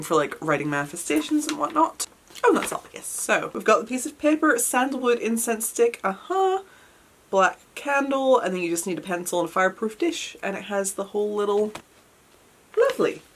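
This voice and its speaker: A British woman vlogging an unboxing in an excitable, gushing manner, her voice worn from a recent cold. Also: mid-range voice. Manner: excitable and gushing, frequent oohs and squeals. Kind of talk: unboxing vlog chat.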